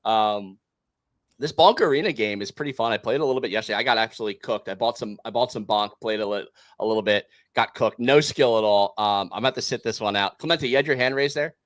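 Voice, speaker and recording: A man's voice: fairly low pitch, fast talker, no room sound. A man hosting a casual podcast, laid-back and self-deprecating, with crypto slang. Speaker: podcast host.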